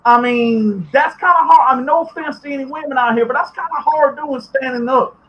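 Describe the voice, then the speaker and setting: A man's voice: very high-pitched, a little fast, lo-fi sound. A man hosting a podcast, ranting bluntly and profanely, getting heated at times. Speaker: podcast host. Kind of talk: ranting commentary.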